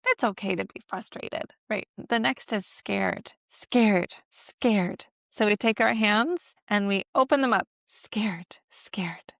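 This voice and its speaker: A woman's voice: medium pitch, unhurried, vocal fry, hardly any pauses, fairly bright tone, no room sound, studio quality. A woman in her thirties teaching baby sign language at home, slipping into sing-song baby talk to model each sign. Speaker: parenting educator.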